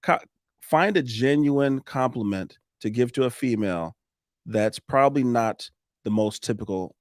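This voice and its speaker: A man talking casually on a podcast, coaching listeners on sales and connecting with customers in an animated way that swings between loud and quiet. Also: medium pitch, unhurried, dry recording, clean studio sound. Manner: animated, coaching, laughs often.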